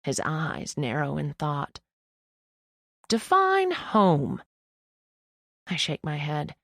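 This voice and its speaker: A young woman narrating an audiobook in the first person, with wry, deadpan asides, close to the mic. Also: sits low, a little slow, creaky, no room sound.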